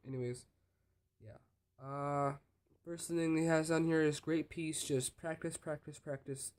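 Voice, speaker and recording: A teenage male student talking casually to camera, rambling with restarts and fillers and often trailing off quietly. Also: mid-range voice. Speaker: student speech competitor. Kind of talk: casual vlog talk.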